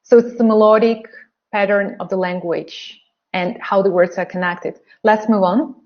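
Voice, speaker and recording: A woman teaching English pronunciation in an online webinar, drilling phrases slowly by repeating them. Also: mid-range voice, fairly even intonation, lo-fi sound. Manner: slow, drilling phrases by repetition.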